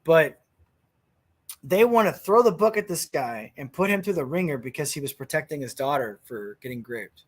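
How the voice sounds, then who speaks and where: A man's voice: a little high, expressive, moderate pace, husky. A man hosting a podcast, ranting bluntly and casually, swearing a lot. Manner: crude, blunt, swears freely. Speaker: podcast host. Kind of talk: casual opinion rant.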